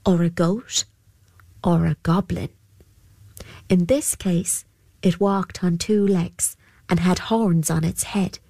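A woman narrating an old folk tale in a measured storybook manner. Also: lowish voice, a little mellow, no echo.

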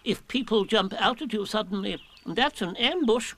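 A man voicing a pompous, superior old male owl in a storybook reading, lecturing in a drawn-out way. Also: high-pitched, animated, fairly bright tone, pitched above the performer's own voice, heavily acted.

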